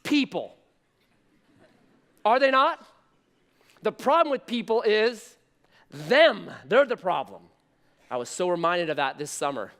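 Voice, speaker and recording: A man in his thirties preaching a sermon, telling a story in an animated, conversational way. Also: sits high, moderate pace. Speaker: pastor.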